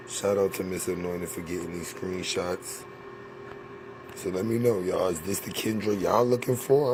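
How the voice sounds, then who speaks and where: A man with a very deep voice giving casual commentary to his viewers in a matter-of-fact way. Clear background noise runs beneath him, and the tone stays plain.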